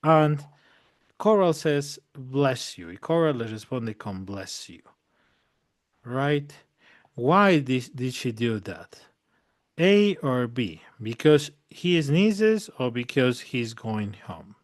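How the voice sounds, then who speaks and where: A man's voice: medium pitch, expressive, takes it slowly, no echo. Bilingual male English teacher, dry sound. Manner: mixes English with Spanish translations, checks understanding often. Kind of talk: bilingual classroom lesson.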